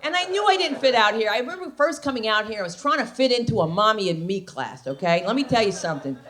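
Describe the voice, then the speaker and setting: A woman's voice: on the high side, expressive, fast talker, slight background noise. Brash New woman doing stand-up. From New Jersey, USA. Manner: brash storytelling with acted-out quotes and loud punchlines. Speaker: stand-up comedian. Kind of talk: stand-up comedy set. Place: comedy club stage. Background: audience laughter.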